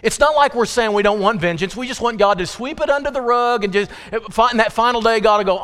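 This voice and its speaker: A male preacher delivering an impassioned sermon, swinging from pleading questions to slow, low emphasis. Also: fairly bright tone. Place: church sanctuary. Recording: long reverb of a church hall.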